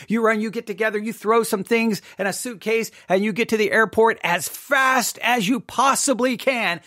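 Male podcast teacher, high bright voice, dry close sound, dramatic storyteller who builds tension. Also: no room sound. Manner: vivid, repetitive, builds tension with restarts and pauses. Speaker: podcast host teaching theology.

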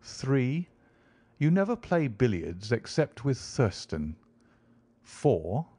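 A man voicing an aloof detective who explains his reasoning in a measured, professorial way. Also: medium pitch, dark tone, no echo. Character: cool, lecturing male detective, aloof.

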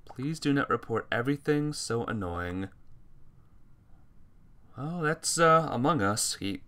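Sleepy, bright-voiced male gaming streamer. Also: medium pitch, expressive, slow pace. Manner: laid-back, chatty, talks to chat and teammates. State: sleepy, yawning. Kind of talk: casual live-stream game commentary.

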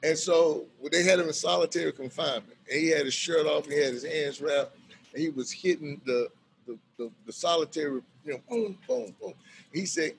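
Brief: middle-aged man, slightly higher voice, lively storyteller who laughs easily, faint background noise. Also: a little fast, vocal fry. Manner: animated, acts out quoted voices, laughs often. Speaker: bishop and violence-prevention worker. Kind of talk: casual storytelling in a conversation.

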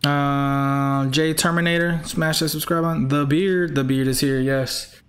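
A man's voice: fairly high pitch, fairly even intonation, a little slow, a bit bright, faint music behind. A young man hosting a live game stream in casual chat, greeting viewers by name and firmly repeating himself.

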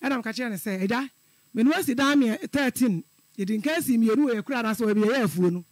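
A man's voice: extremely high pitch, very fast, dry recording. A middle-aged man calling in to a radio show, telling a personal story in an earnest, repetitive way. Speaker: caller.

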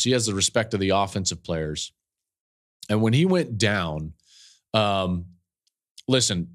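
Male podcast host, lowish voice, earnest and emotional storyteller. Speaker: podcast host, football analyst. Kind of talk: podcast commentary, personal storytelling.

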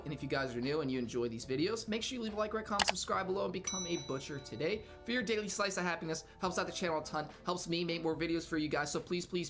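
A man hosting an anime reaction video, talking casually with slang, shouting out in surprise and sometimes falling to a hushed whisper. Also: a little high. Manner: casual and slangy, exclaiming loudly then dropping to hushed whispers. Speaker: host.

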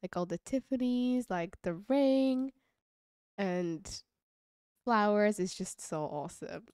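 A woman's voice: medium pitch, slow, darkish tone, clear, resonant tone, no room sound, studio quality. A woman giving casual, chatty gameplay commentary, gushing and giggling as she goes. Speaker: let's play creator.

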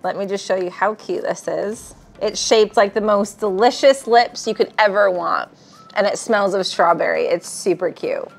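A woman's voice: mid-range voice, normal speed, vocal fry. A woman presenting gift products, bubbly and gushing over how cute and delicious everything is. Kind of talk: enthusiastic product showcase.

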